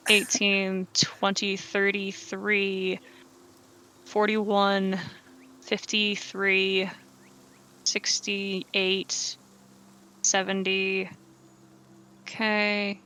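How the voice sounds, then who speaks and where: A woman acting as game master of a tabletop game played over voice chat, chatty and quick to laugh, adding up rolls aloud. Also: mid-range voice, completely flat delivery, bright, forceful tone, slight background noise. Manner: chatty, adds sums aloud, laughs often.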